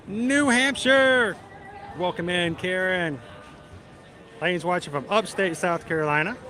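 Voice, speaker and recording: A man's voice: high-pitched, steady tone, moderate pace, bright, forceful tone, faint music behind. A man hosting a casual live stream from a theme park, chatting and reading out viewers' names and hometowns. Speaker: livestream host.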